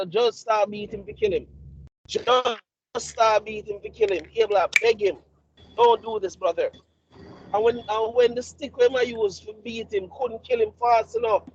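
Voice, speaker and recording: A high-voiced man in a relaxed podcast discussion, thinking out loud and stumbling over repeated words. The sound is dull and lo-fi. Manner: halting, repeats words while searching. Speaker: podcast co-host. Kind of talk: casual discussion.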